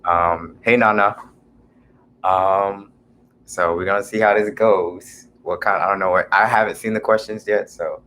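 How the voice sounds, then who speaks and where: A young man hosting a casual livestream, greeting viewers by name in a relaxed, laid-back way. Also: sits low, measured pace, a little hiss or hum. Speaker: livestream host.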